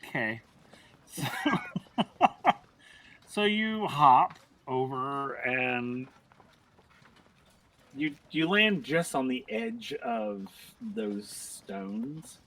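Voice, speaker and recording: A man's voice: mid-range voice, animated, extremely slow, long pauses, a bit bright, distant mic. A man narrating a tabletop game as game master, chatty and breaking into laughter often.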